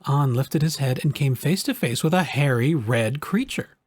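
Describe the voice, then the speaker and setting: A male narrator with a medium-pitched voice reads a children's storybook aloud. His delivery is calm and measured.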